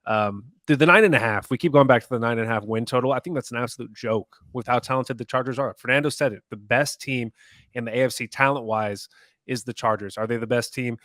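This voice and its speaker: A man's voice: medium pitch, fast, fairly bright tone, dry recording, clean studio sound. Easygoing male sports podcast co-host. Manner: easygoing and agreeable, chats with his co-hosts. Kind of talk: casual sports talk.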